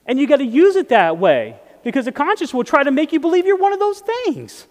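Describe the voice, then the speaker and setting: A man's voice: very high-pitched, very animated, fairly quick, big-room sound. A man preaching a sermon in a conversational way, often checking in with his listeners. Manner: conversational, asks the audience often. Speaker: pastor.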